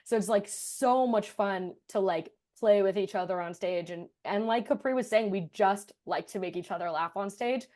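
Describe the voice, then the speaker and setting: A woman's voice: medium pitch, moderate pace, hardly any pauses, mellow. A young woman from the United States, a writer, in a casual interview, telling stories with self-deprecating humor. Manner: laughing, self-deprecating storyteller. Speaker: writer and creator of the musical.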